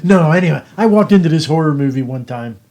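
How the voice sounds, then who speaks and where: A man's voice: a little high, lively intonation, fast, darkish tone. Rambling male co-host. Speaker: show co-host. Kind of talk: casual banter.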